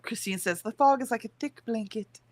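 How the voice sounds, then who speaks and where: A woman's voice: on the high side, a little fast, noisy background. A very tired woman co-hosting a writing livestream from home, reading chat comments aloud in casual talk and laughing often. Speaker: co-host of a writing sprint livestream.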